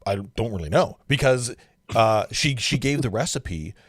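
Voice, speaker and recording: A man hosting a casual livestream interview, chatting in a relaxed way with frequent fillers. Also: mid-range voice, a little slow, dry recording, clean studio sound. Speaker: livestream host.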